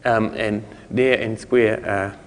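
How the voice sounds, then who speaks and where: A man's voice: on the low side, steady tone, very slow, slight background noise. A man with a New Zealand accent giving a loose, self-correcting conference talk, chuckling now and then. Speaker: conference speaker. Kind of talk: technical talk on speech recognition. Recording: long hall reverb.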